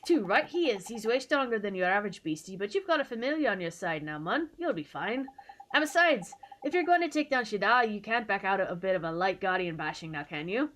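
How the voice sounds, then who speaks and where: Woman voicing a little male fairy sidekick, put-on Scottish accent, slangy, teasing, mid pitch. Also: lively intonation, fairly quick, fairly bright tone, lightly acted. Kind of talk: reading game dialogue aloud.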